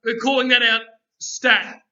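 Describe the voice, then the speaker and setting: A man's voice: very high-pitched, flat delivery, measured pace, sharp tone, highs cut off. An Australian man hosting a comedic podcast, blustery and saying "mate" constantly. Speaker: podcast host.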